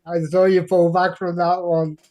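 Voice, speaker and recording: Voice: mid-range voice, level tone, a little slow, warm tone. A speaker in a casual chat, trading wry quips and laughing.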